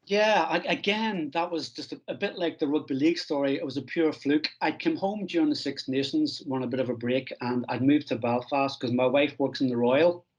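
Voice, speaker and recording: A middle-aged man, a strength and conditioning coach, telling animated anecdotes in an interview, with restarts and "I goes" along the way. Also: fairly high pitch, a little fast, few pauses. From Ireland. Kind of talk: conversational storytelling interview. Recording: dull lo-fi recording.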